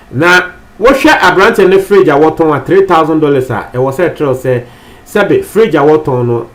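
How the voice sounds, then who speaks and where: A Ghanaian man presenting entertainment news in a chatty, casual way, switching between languages and repeating phrases for emphasis. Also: on the high side.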